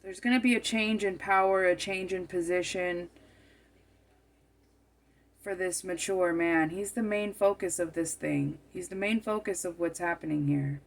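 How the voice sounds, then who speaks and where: A woman's voice: lowish voice, a little slow, gravelly. A woman giving a tarot card reading, musing aloud and often repeating and rephrasing her phrases as she goes.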